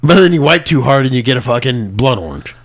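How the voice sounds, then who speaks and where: A man's voice: medium pitch, expressive, fast talker, fairly bright tone. A man co-hosting a podcast, teasing his partner with prodding questions in crude banter. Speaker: podcast co-host.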